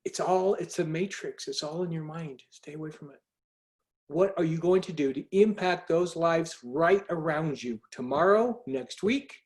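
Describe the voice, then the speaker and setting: A man with a fairly high voice hosts a motivational group call over a video link. He talks earnestly, pressing his listeners with direct questions and urging them to act. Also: normal speed. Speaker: host.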